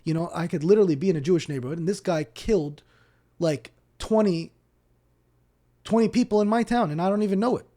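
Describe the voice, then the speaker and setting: A man from Palestine's West Bank, a guest on a podcast, telling stories in an animated way and acting out the people in them. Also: high voice, fairly quick. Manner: animated, acts out dialogue, repeats words when starting sentences. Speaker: podcast guest, Islamic teacher. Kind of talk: casual storytelling interview.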